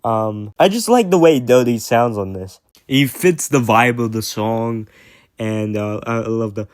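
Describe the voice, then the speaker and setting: A man's voice: medium pitch, measured pace, no echo, studio quality. A man rambling casually about music, with lots of fillers, restarts and swearing. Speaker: music commentator.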